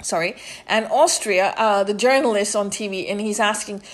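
A woman's voice: mid-range voice, moderate pace. A woman hosting a podcast, rambling in a casual monologue with many fillers and restarts, turning indignant at times. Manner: indignant commentary. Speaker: podcast host.

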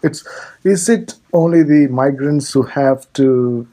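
An interviewer in a conversational podcast who keeps asking questions and laughs often along the way. The delivery is slow and unhurried, in a mellow, relaxed tone. The voice sits at a middle pitch. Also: poor audio.

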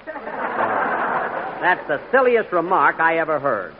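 A man hosting a live radio comedy show, talking with an indignant, halting manner full of uh's. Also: fairly high pitch, wildly swooping pitch, muffled recording. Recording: crackly 1940s radio broadcast with live audience.

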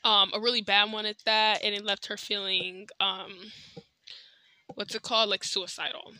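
A woman's voice: medium pitch, little pitch movement, normal speed, bright, forceful tone, clear, resonant tone, no echo. A young adult woman hosting a podcast, telling a personal story in a chatty, candid way with lots of filler words. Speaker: podcast host. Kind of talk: casual storytelling monologue.

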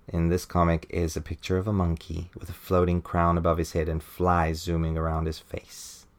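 Low-voiced guy chatting about a comic, chuckles a lot, does silly high voices for the quotes. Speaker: podcast host. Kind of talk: casual comic book review.

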